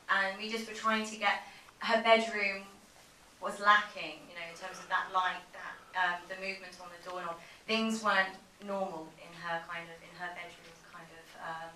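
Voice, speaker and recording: A chatty woman speaks as a film director at a cinema Q&A, her voice bright. She strings thoughts with kind of and you know. The sound is roomy and picked up from a distance. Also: fairly low pitch, flat delivery, moderate pace. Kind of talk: festival Q&A answers. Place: cinema auditorium. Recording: roomy cinema from far off, faint noise.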